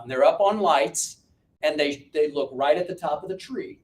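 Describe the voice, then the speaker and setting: A man coaching an audience through a joking, self-mocking personal story, told with lively energy. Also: a little fast. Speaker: business coach and speaker. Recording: roomy and distant with faint rumble.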